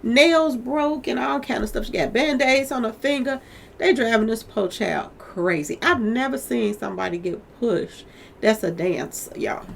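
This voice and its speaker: Woman, chatty gossip vlog, gravelly fry, faint hiss. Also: a little high, normal speed. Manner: chatty, animated, keeps addressing viewers as "y'all". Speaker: commentary channel host. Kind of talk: casual celebrity gossip commentary.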